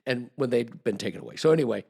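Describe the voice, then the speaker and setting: A man's voice: medium pitch, very fast, vocal fry, mellow, slightly rough. A man guest on a podcast, telling a long, rambling story with restarts and acted-out quotes. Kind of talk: casual storytelling.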